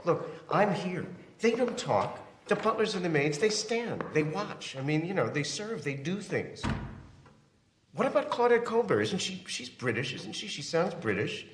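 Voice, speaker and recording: A rambling, animated chatterer. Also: male voice, sits high, moderate pace, a little hiss or hum. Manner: rambling, animated, full of "I mean". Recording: echoey room in a film clip.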